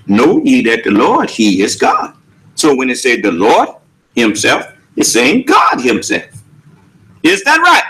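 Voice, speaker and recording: A man's voice: on the high side, wildly swooping pitch, unhurried, long pauses, bright, forceful tone, poor audio. A man preaching a sermon with emphatic rhetorical questions and casual vernacular speech. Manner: emphatic, rhetorical questions, Southern US Black English.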